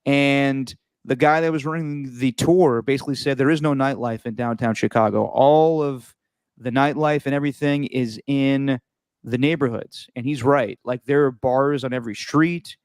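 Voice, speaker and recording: A man hosting a podcast, telling a travel story in a casual, animated way with frequent restarts. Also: mid-range voice, moderate pace, smooth, no room sound. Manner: animated, repeats words and restarts while telling stories. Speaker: podcast host.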